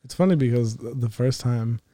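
A man's voice: mid-range voice, dark tone, no echo, studio quality. A young man in casual chat who laughs often and repeats himself as he talks. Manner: laughing, halting and repetitive.

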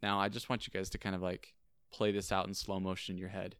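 A young man with a low, smooth, resonant voice recounts a wild story for his podcast. He builds suspense with drawn-out pauses and dramatic slow phrasing. The sound is close and dry. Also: little pitch movement, fairly bright tone, no echo. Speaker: podcast co-host. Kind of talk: animated storytelling.

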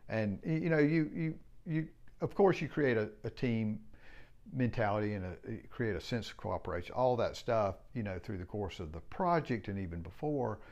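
Low-voiced middle-aged man, frank and rambling. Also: animated, moderate pace, a little mellow, dull audio. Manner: rambling, frank, swears casually. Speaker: home builder, business owner. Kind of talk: casual reflective monologue.

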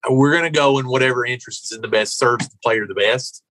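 Host: a man with a bright, tense voice, blunt and animated, dry mic. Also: medium pitch, fast, no room sound, rough recording. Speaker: podcast host, coach. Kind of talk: podcast conversation.

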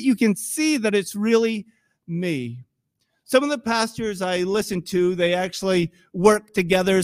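A man's voice: high voice, no echo. A middle-aged male pastor preaching a sermon in a conversational, storytelling way, acting out quoted voices.

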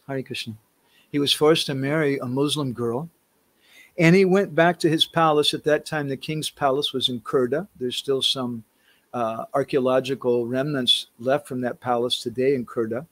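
A man's voice: mid-range voice, moderate pace, dry recording. A man giving a devotional storytelling lecture as a pilgrimage tour guide, animating the quoted characters as he narrates.

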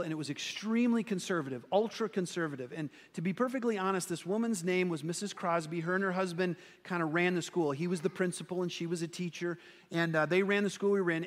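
High-voiced male pastor in a reverberant hall. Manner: conversational and self-deprecating storytelling. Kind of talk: sermon.

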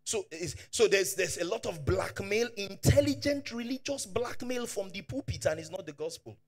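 A man with a Nigerian accent preaching a sermon as pastor, fervent, swinging from hushed to shouting, and dropping Pidgin asides. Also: high-pitched, lively intonation, normal speed, soft background music.

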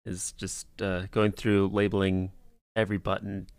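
A man's voice: deep voice, flat delivery, normal speed, smooth, no echo. A man hosting a casual streamed podcast, talking in a laid-back, rambling way and laughing often. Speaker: podcast host.

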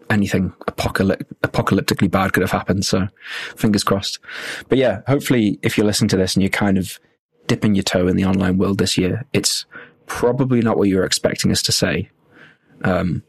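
A man's voice: sits low, gravelly, husky, no room sound. A man co-hosting a podcast, chatting casually and rambling with fillers. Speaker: podcast co-host.

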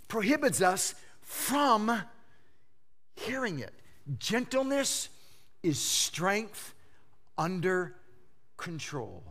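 A male pastor preaching a sermon, swinging between loud emphatic bursts and hushed lines, often repeating phrases for effect. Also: sits high, lively intonation, moderate pace.

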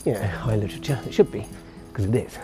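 A man's voice: on the low side, fast, over music. A man walking his dog outdoors, thinking aloud in a rambling, musing monologue with restarts and chuckles. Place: outdoors on a street walk.

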